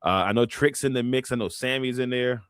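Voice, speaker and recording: A man co-hosting a casual wrestling podcast. He talks in a laid-back way, laughs often and breaks into loud chants. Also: mid-range voice, steady tone, fairly quick, clean tone, no echo, clean studio sound. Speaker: podcast co-host.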